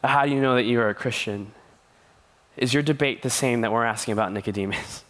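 An earnest young youth pastor delivers a sermon to a youth group in a conversational tone, slipping light, playful asides between his serious points. His voice is at an everyday middle pitch, fairly bright in tone and a little fast.

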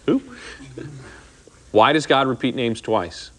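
Bible study leader, male, mid pitch, chatty teaching voice, keeps asking "okay?". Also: slow pace, fairly bright tone. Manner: conversational, says "okay?" often, acts out quoted speech.

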